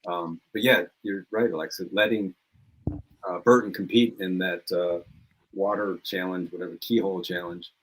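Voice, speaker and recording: A man guesting on a podcast, telling lively anecdotes in casual chat and laughing often. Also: low-pitched, normal speed, low-quality recording. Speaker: podcast guest, former reality show contestant.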